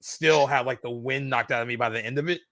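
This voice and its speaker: A man's voice: mid-range voice, fast, fairly bright tone, dry recording. A man co-hosting a podcast, chatting casually and keenly about a film, with lots of filler words and restarts. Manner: enthusiastic, many "like" fillers and restarts. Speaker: podcast co-host.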